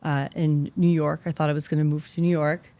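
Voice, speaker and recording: A young woman with a Boston accent telling her career story as a guest, animated and quick in bursts with filler words. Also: deep voice. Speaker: investment specialist guest. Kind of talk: casual interview storytelling.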